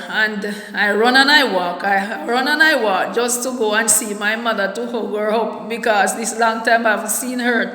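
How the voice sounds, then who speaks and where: Soft-spoken woman in an echoey room. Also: medium pitch. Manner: halting, repeats words, soft-spoken. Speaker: vlogger. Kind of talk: personal storytelling. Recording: echoey room with long reverb.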